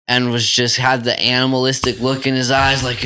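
A man telling a profane, animated story in casual podcast chat. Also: mid-range voice, brisk, few pauses, smooth.

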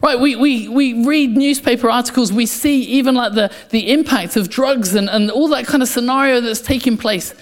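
A man preaching a passionate sermon in church, repeating key phrases and dropping to quiet intensity. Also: very high-pitched, normal speed, few pauses. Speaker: pastor. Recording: echoey church hall, soft guitar behind.

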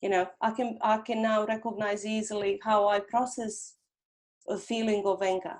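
A middle-aged woman hypnotherapist talks in a gentle, reflective way, with a voice of ordinary middle pitch. She sometimes steps into short inner dialogues to show a point. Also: level tone, moderate pace. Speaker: hypnotherapist guest. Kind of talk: conversational interview.

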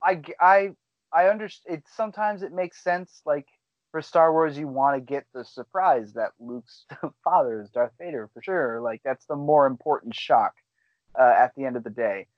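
A man in casual conversation, telling stories with enthusiasm and slipping into quick impressions of the people in them. The recording is dry and a little muffled, with no room sound. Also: fairly high pitch, dry recording. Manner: animated storyteller, acts out quotes. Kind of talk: casual chat.

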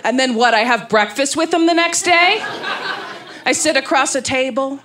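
A woman in her thirties from Las Vegas works a comedy club crowd with a brash, candid stand-up set, her voice pitched a little high. Loud audience laughter and steady room noise sit behind her on the live recording. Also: normal speed. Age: 30s. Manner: brash, candid storytelling with big animated asides. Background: crowd laughter and room ambience.

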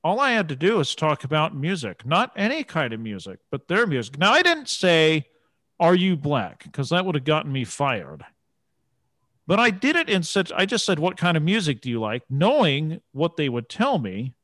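A man interviewing a guest, telling an anecdote from his past job in a lively way. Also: fairly high pitch, normal speed, no echo. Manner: storytelling, animated. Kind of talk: casual conversation.

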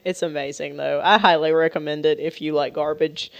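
A woman's voice: low voice, steady tone, a little fast, creaky. Giggly Southern woman in her twenties. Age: 20s. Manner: giggly, rambling. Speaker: podcast co-host. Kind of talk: casual chat.

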